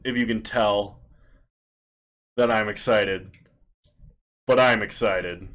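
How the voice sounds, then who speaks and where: A man's voice: fairly low pitch, steady tone, slow, long pauses, a bit bright. A man streaming himself playing an online card game, calling out each play in short clipped phrases as he goes. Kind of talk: live commentary on his own card game.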